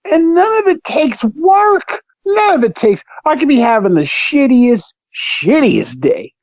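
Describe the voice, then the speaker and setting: A man hosting a podcast in casual chat, ranting with animated delivery and acting out quoted exchanges. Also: very high voice, a little slow, no echo. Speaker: podcast host. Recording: dull lo-fi sound, dry.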